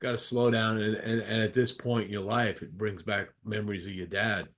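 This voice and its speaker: A man's voice: on the low side, fairly even intonation, moderate pace, a bit bright. A man hosting a casual interview, asking short, playful questions. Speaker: podcast host.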